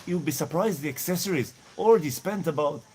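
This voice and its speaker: A middle-aged man with a Birmingham English accent streams live outdoors in hot weather, casually reading viewer messages and thanking people by name. His voice is on the high side and darkish in tone, animated and a little fast, with a touch of hiss or hum.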